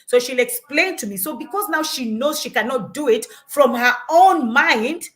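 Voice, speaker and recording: A woman's voice: high voice, lively intonation, normal speed, a bit bright. A middle-aged Kenyan woman with a Kenyan accent, giving earnest parenting advice in an emphatic, repetitive storytelling way. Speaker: parenting guest.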